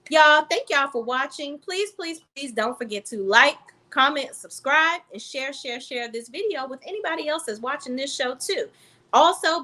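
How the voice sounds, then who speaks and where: A woman's voice: sits high, bright, forceful tone. A woman reviewing reality TV in a casual, blunt and profane commentary vlog, talking straight to her viewers. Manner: talks straight to the viewers as "sis" and "y'all".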